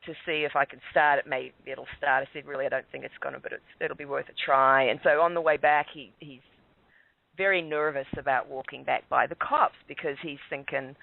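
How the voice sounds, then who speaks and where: A man on a thin, tinny phone line tells a long personal story in a loose, rambling way, poking fun at himself and chuckling as he goes. His voice sits a bit higher than most men's and sounds completely dry, with no room around it. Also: normal speed, vocal fry, no room sound. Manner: rambling, self-mocking, chuckles often. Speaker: guest caller. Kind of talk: casual storytelling.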